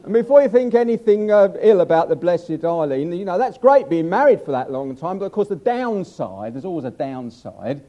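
A man's voice: high-pitched, big pitch swings, moderate pace, hardly any pauses, dull audio. An older man preaching a humorous sermon, chatty and self-mocking as he tells stories.

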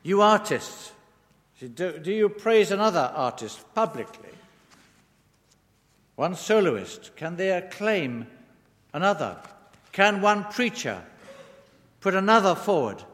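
A man's voice: high voice, very animated, takes it slowly, pauses often, fairly bright tone. A man preaching a sermon, leaning on words with rising and falling emphasis. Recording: long reverb of a large hall.

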